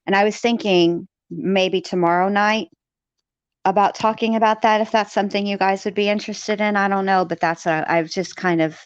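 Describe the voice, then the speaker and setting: A woman's voice: mid-range voice, fairly even intonation, normal speed, clean tone, no room sound, lo-fi sound. A woman in casual conversation about a criminal case, rambling with fillers and restarts. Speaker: co-host discussing a criminal case. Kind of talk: casual chat.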